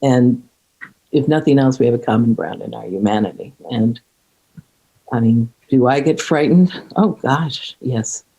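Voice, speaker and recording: A middle-aged woman talks in an earnest, halting way, stopping and restarting as she searches for the words. Her voice is dark and mellow with a slightly husky edge. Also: rumbling low, muffled recording. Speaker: podcast guest. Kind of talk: reflective conversation.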